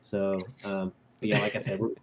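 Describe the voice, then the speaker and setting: A man in his thirties, appearing as a guest, tells a casual story in a lowish voice at a moderate pace, with crowd noise behind him. He's animated, acting out the voices he quotes and saying "like" constantly.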